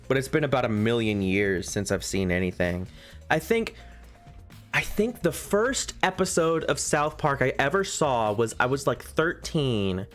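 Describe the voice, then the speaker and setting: A man's voice: medium pitch, a bit bright. A man chatting casually on a live stream as he reads a visual novel, rambling to his viewers. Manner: rambling, chatty asides to viewers, frequent laughs.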